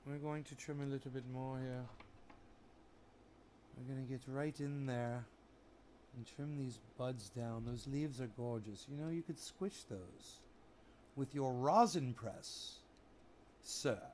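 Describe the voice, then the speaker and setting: A man's voice: mid-range voice, measured pace, dark tone, slight background noise. A man casually narrating a vlog while trimming plants, theatrical and teasing as he bickers with someone off camera.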